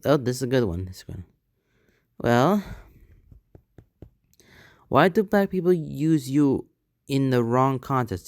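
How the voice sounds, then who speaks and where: A man's voice: mid-range voice, clean tone, no room sound, studio quality. A man hosting a channel, reading online posts aloud and then reacting to them in loose, casual commentary with frequent restarts.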